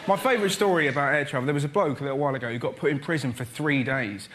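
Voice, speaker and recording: A cheeky, animated British comedian with a voice on the high side talks very fast, telling stand-up stories on a panel show and laughing at his own jokes. He's in a TV studio, where the live audience's laughter and noise come through loudly.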